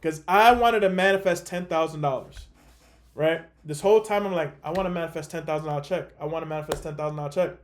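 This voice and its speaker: High-voiced man telling a story. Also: quick pace. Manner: animated, chatty, lots of "like" and "man". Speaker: host. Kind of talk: casual storytelling on a call.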